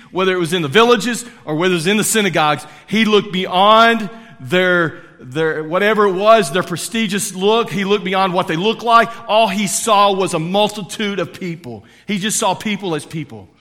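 Male pastor, middle-aged, slightly high voice, loud preaching to hushed storytelling, long church reverb. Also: moderate pace, hardly any pauses. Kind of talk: sermon.

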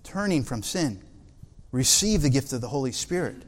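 A man's voice: mid-range voice, very animated, moderate pace. Preacher man in a reverberant hall. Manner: asks the congregation rhetorical questions. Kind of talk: sermon.

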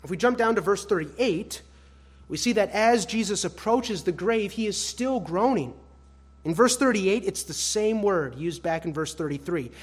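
A male preacher giving an expository sermon, addressing his listeners as beloved, swinging between loud emphatic stress and hushed soft phrases. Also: high-pitched, lively intonation, normal speed, husky.

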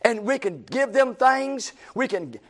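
A man's voice: very high voice, sing-song, measured pace, a bit bright. A male preacher, delivering a sermon in a church with a repetitive, emphatic cadence.

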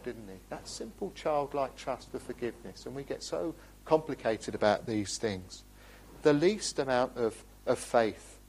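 A man preaching a sermon in a church, earnest and pleading, moving between urgent appeals and quiet, gentle asides. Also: mid-range voice, poor audio. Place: church building.

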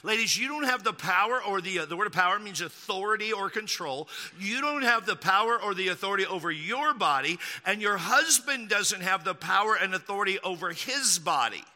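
A man from Texas preaching a sermon as pastor, emphatic, slowing down to repeat key lines and throwing in mocking asides. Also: high voice, animated, sharp tone, in a large hall.

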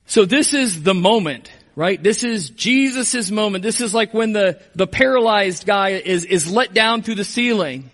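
A man preaching a sermon as pastor, moving between emphatic passages and hushed, slow reflection. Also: high-pitched, expressive, big-room sound.

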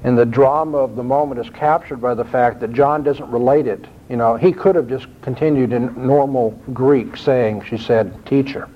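A man preaching a sermon, quoting scripture and climbing in pitch to stress his points. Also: moderate pace, few pauses, a little hiss or hum. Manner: expressive, rising emphasis when quoting scripture. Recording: dull lo-fi recording.

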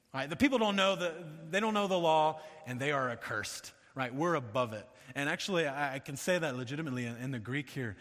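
A man delivers a sermon in a relaxed, conversational tone. He reads scripture and briefly acts out the people in the story. His voice carries the long reverb of a large hall. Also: fairly high pitch. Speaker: preacher.

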